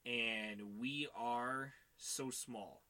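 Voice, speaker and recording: A man's voice: mid-range voice, fairly even intonation, extremely slow, pushed and bright. A man co-hosting a podcast, rambling in casual chat with lots of fillers and swearing. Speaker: podcast co-host.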